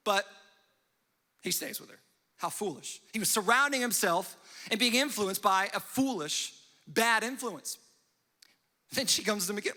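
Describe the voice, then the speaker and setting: A young man preaching as a pastor briefly acts out the characters of his story, adding quick voices and asides. His very high voice has lively intonation and a sharp tone, echoing in a large church hall.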